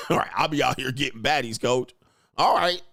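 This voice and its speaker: A man's voice: mid-range voice, moderate pace, creaky, a bit bright, dry recording, studio quality. A middle-aged man hosting casual commentary, brash and crude, laughing often. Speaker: host. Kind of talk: casual commentary reacting to clips.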